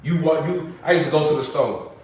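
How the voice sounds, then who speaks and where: Speaking a little fast at a fairly high pitch, a young drawling vlogger tells his audience loose, slangy, lively stories. The mic is distant, so his voice bounces around a very reverberant room.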